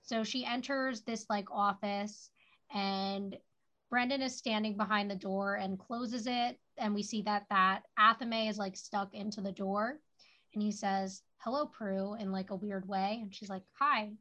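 Her medium-pitched voice is bright and forceful, with fairly even intonation and a slightly slow delivery. A podcast co-host, she chats through a TV episode recap riddled with "like" fillers, captured in dull lo-fi sound.

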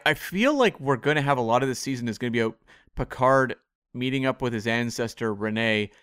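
A man co-hosting a casual podcast, talking in a thoughtful, measured, hedging way. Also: mid-range voice, fairly bright tone, smooth, dry recording, studio quality. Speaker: podcast co-host. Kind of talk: casual discussion of a TV episode.

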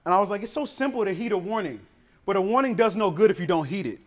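Preaching in a high voice at a quick clip, this pastor from the northern U.S. shares a story from his childhood. His telling is laid-back, full of slang and lively energy.

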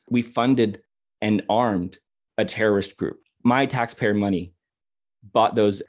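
A man's voice: fairly low pitch, a little mellow. A man co-hosting a podcast discussion, talking with passion and frustration, often repeating words as he gets worked up. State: emotional and frustrated. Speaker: podcast co-host. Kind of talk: casual discussion.

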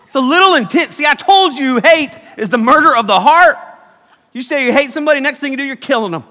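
A man preaching a sermon as a youth pastor, telling the story in an animated, joking way. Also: very high-pitched, fast talker. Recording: echoey hall.

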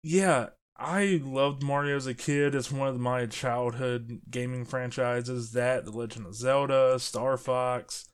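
A man co-hosting a casual podcast. He talks in an animated, jokey way and often restarts his sentences. His voice sits in an ordinary middle pitch. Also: slow, few pauses, clear, resonant tone. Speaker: podcast co-host. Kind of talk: casual movie review chat.

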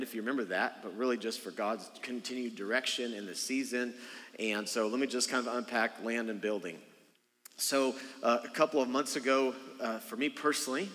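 A man's voice: medium pitch, bright, forceful tone, long reverb tail. A man, a senior pastor preaching a conversational sermon and joking with the congregation. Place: church sanctuary.

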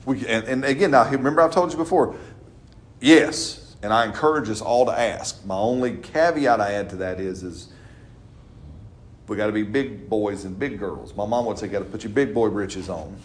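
A middle-aged pastor teaches a Bible study in a chatty, laughing manner, often asking his listeners "right?" as the congregation replies. His voice is fairly low at normal speed, recorded with roomy echo and faint background noise.

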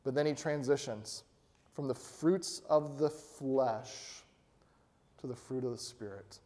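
A man's voice: medium pitch, slow pace, mellow. A male pastor preaching a sermon, asking his congregation questions and rising to emphatic peaks. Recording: long hall reverb.

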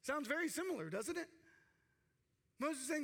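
High, bright-voiced male preacher. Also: lively intonation, a little slow. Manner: impassioned, acts out quoted cries, drops to hushed tones. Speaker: pastor. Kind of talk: sermon.

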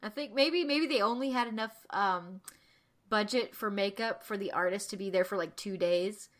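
A woman co-hosting a podcast, telling stories in an expressive, giggly way during a casual movie review. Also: medium pitch, normal speed. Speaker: podcast co-host.

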